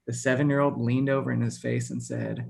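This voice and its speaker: A man's voice: medium pitch, little pitch movement, quick pace, gravelly. A man in his thirties from Texas doing a stand-up set over a video call, self-deprecating and laughing at his own jokes. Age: 30s. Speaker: stand-up comedian.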